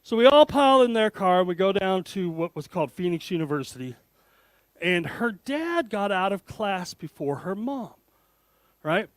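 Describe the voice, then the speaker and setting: Animated man telling a funny story. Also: high-pitched, normal speed, clear, resonant tone, dry recording. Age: 50s. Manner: animated, self-deprecating, joking. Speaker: guest speaker. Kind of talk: humorous storytelling talk to an audience.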